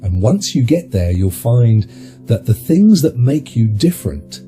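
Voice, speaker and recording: A man's voice: mid-range voice, very animated, measured pace, warm tone, soft background music. A man voicing a lonely male trash goblin creature, telling his story in a bitter, confessional way. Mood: rueful. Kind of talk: dramatized video narration.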